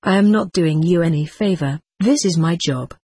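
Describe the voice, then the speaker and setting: Curt, impersonal hostel clerk woman, husky, as a reader puts her on. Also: medium pitch, normal speed, mellow, dry recording, lightly acted. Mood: cold. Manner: cold, curt.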